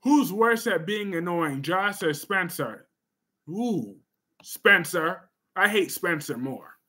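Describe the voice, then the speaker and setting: A sassy male livestream host with a high, bright voice. He talks slowly and emphatically as he reads out viewer comments and answers them, breaking into sudden loud bursts. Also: lively intonation, husky. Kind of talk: casual livestream chat.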